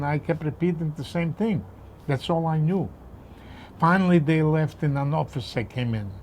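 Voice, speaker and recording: An older man recounting his past at length, hesitant, with pauses and fillers. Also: mid-range voice, darkish tone, slight background noise. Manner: hesitant, with many fillers and restarts. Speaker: interviewee. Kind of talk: personal recollection.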